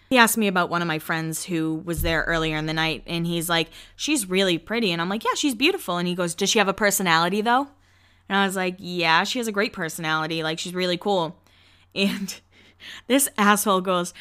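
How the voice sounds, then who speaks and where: A woman's voice: on the low side, clear, resonant tone. A young woman telling stories about her work and social life on her podcast, candid and blunt and swearing freely. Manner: candid, blunt and swearing, quotes people in lively voices. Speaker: podcast host. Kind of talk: casual storytelling monologue.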